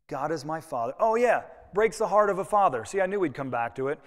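High-voiced male pastor in a reverberant church. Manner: conversational, folksy, with personal asides. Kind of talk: sermon. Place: church sanctuary with congregation. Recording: long reverb of a church hall.

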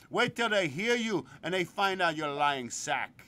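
A man's voice: sits high, very animated, moderate pace, sharp tone. A man hosting a podcast in a crude, joking casual chat, laughing often. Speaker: podcast host.

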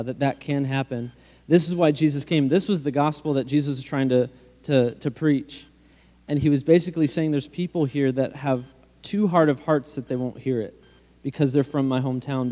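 A pastor addresses the congregation in a mellow, warm voice. He speaks earnestly and stumbles over a few words, and his voice carries through a reverberant sanctuary. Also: medium pitch. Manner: earnest, with repeated word restarts. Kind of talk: sermon. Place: church sanctuary.

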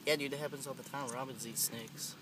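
A teenage man handling a snake outdoors, talking excitedly with his friends. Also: a little fast, a crowd in the background. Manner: excitable, swinging pitch. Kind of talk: casual outdoor banter. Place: outdoors by a road. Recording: outdoor noise.

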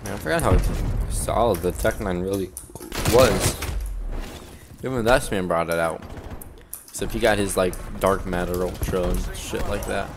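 A man's voice: low-pitched, normal speed, pauses often. A man casually commentating his own shooter gameplay, swearing and mocking himself. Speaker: gamer. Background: game music and gunfire.

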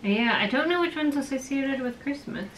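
Bright, giggly woman vlogger. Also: sits high, lively intonation, normal speed, a little hiss or hum, poor audio. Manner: giggly, playful. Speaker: vlogger hosting a trivia game. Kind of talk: casual trivia chat.

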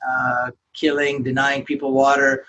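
A man speaking as a podcast guest, earnest and emphatic in a measured way. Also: mid-range voice, completely flat delivery, sharp tone, rough recording. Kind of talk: interview conversation.

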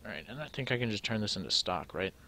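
A young man with a fairly low voice talks his way through a game, musing aloud as he sorts and checks things. It is loose, casual play-along commentary with a faint hum of ambience underneath. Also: animated, fast, pushed and bright. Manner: thinking aloud, musing to himself while sorting items. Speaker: let's play gamer.

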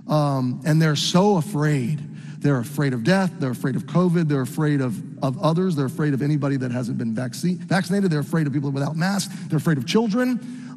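A middle-aged man from the United States preaching a sermon as a story, earnest and halting with frequent restarts. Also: sits high, a little mellow, big-room sound. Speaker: pastor.

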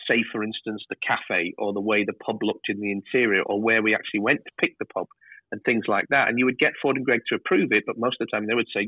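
A man, a TV director, telling lively stories in a casual interview and swearing freely. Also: on the low side, fast, slightly rough, no room sound. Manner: animated storyteller, swears freely. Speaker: TV director, guest. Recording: tinny phone-like line.

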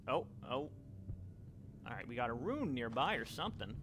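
A young man giving casual, sweary commentary on a video game he is playing, turning excitable and yelling whenever things go wrong. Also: mid-range voice, normal speed, background noise. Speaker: let's play commentator.

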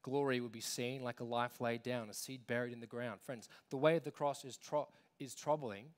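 A man with an Australian accent preaching a sermon as pastor, emphatic, with dramatic pauses. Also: medium pitch, fairly even intonation.

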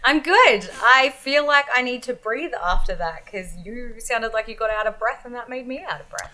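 A woman co-hosting a casual podcast chat, answering in a relaxed, easygoing way. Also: fairly high pitch, moderate pace, poor audio. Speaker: podcast co-host.

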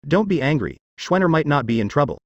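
A man voicing a calm, weary immortal man in a fantasy audiobook, speaking softly and earnestly. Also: on the high side, quick pace, no echo, lo-fi sound. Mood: placating. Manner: soft and earnest.

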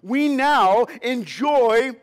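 Speaking very slowly and at an extremely high pitch, this man in his fifties delivers a sermon as a pastor. His storytelling moves from a hush to emphatic calls as he shares a personal tale and urges the congregation to say amen.

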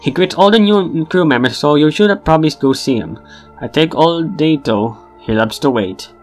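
A man's voice: a little high, expressive, moderate pace, faint music behind, close to an everyday voice. A man voicing a bossy young male ship bartender who talks like a drill sergeant, barking orders in an officious way. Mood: chummy. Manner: barking, officious, then chummy.

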